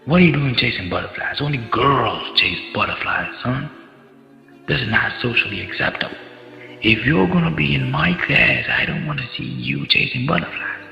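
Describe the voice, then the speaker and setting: A man's voice: medium pitch, lively intonation, moderate pace, gravelly. A man voicing a strict male schoolteacher who scolds and orders a boy around. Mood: scolding. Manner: bossy, scolding. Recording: echoey hall, dull sound, faint music.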